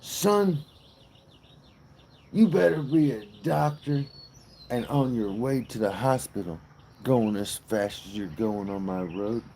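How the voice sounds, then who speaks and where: A man voicing an agitated, pompous male highway patrolman with a Southern accent who blusters and calls people son. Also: slow, long pauses, dark tone, slight background noise. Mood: indignant.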